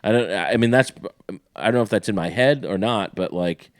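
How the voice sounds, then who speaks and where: Midwestern male podcast host, low voice, rambling casual chat, dead-dry sound. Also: brisk, no echo. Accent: Midwestern American. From Ohio. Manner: rambling, self-interrupting.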